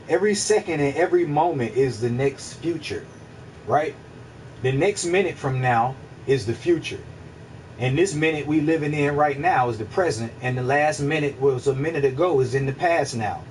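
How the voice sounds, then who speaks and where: A man hosting a casual livestream, musing out loud in a rambling, profane way, repeating himself and answering his chat. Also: fairly high pitch, far from the mic, slight background noise, poor audio. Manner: rambling, profane, repeats himself, asks listeners if they follow. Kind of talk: casual philosophical monologue.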